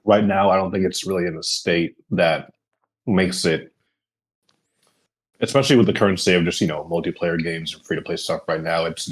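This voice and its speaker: A man co-hosting a podcast, talking in a relaxed, rambling way with lots of fillers. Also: sits low, husky. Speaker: podcast co-host. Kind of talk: casual chat.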